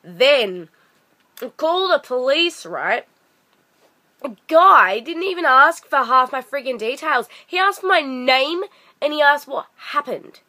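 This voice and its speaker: A young woman vlogging a ranting story, exasperated and animated, acting out what others said. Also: high voice, takes it slowly. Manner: animated, exasperated, acts out quoted voices.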